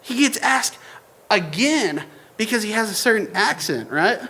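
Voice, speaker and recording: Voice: mid-range voice, expressive, a little slow, bright, forceful tone. Casual, joking young preacher. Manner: informal and joking, slangy asides. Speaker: church preacher. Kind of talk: casual sermon.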